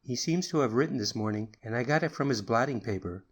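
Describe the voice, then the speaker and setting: A man's voice: animated, fast, breathy edge. A man voicing an anxious young secretary in an audiobook, earnest, apologetic and nervous. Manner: nervous and earnest, higher pitched. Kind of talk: audiobook character reading.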